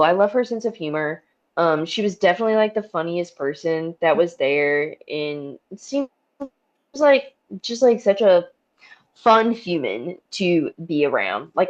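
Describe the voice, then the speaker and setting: A woman's voice: fairly low pitch, lo-fi sound. A woman in casual podcast chat who swears freely and laughs often. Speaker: podcast co-host.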